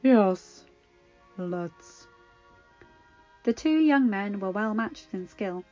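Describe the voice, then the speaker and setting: A woman reading fanfiction aloud in a measured, expressive narration. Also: mid-range voice. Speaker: fanfiction reader. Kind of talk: audiobook-style story reading. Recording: dull lo-fi recording. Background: faint music.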